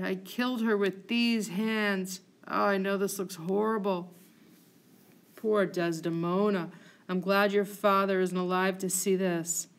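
A woman's voice: mid-range voice, natural voice. A woman voicing a grief-stricken, jealous male general who speaks in an anguished, brooding way.

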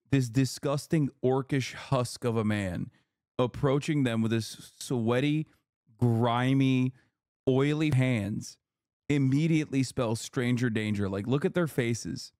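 A man's voice: mid-range voice, a little mellow, dry recording, studio quality. A man in his thirties giving casual, sarcastic and profane live commentary while reacting to a video as a streamer.

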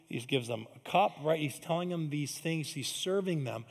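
Higher-voiced man preaching in an echoing hall. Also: moderate pace, vocal fry. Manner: conversational, emphatic preaching with asides. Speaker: pastor. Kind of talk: sermon. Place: large church hall.

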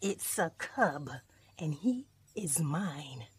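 A woman's voice: mid-range voice, animated, slow, darkish tone, breathy edge, heavily acted. A woman reading a children's storybook aloud and voicing a strong male wolf pack leader in a threatening, menacing manner.

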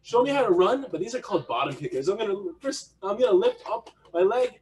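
Over a video call, a man teaches an online martial arts class for kids, playful and encouraging, leading exercises with silly animal noises in an energetic style. His voice sits high with big pitch swings and a fast pace, and there's slight background noise.

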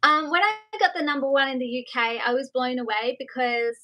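Woman singer, guest on a live call; bubbly, bright tone. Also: high-pitched, a little fast, poor audio. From Australia. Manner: chatty, bubbly, giggly. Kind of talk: casual live interview chat. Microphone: video call.

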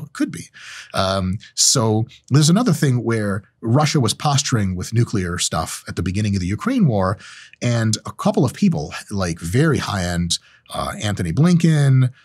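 The host, a man, rambles casually through his show's monologue with energy and plenty of swearing. When he acts out how others reacted, his pitch swings widely, and his voice has a slight roughness.

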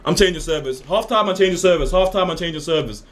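A young man streaming a game live, trash-talking loudly and often jumping up into high shouts. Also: quick pace. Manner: loud, excitable trash talk, swinging into high shouts. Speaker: gaming streamer. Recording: faint music behind.

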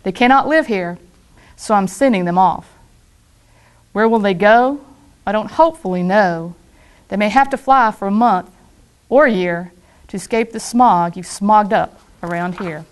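A woman voicing a small grumpy creature who scolds and complains with a croaky cough, while reading a children's storybook aloud. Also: medium pitch, a little slow, long pauses, close to an everyday voice. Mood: grumbling.

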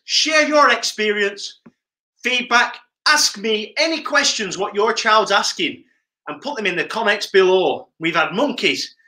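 A man leading a live online PE lesson for children, energetic and playful, calling out instructions. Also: high voice. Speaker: PE coach. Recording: roomy echo.

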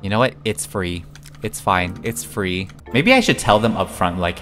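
A young male gaming YouTuber with a deep, expressive voice chats playfully through his gameplay at a normal speed, talking to himself and giggling often. His tone is fairly bright, and faint music plays behind him.

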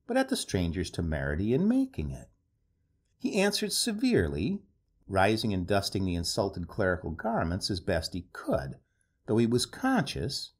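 A man narrating a story aloud in an expressive, animated reading style. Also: deep voice, husky.

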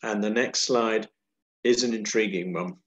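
A man giving an illustrated history lecture from his slides, with wry, unhurried commentary. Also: on the low side, rough recording.

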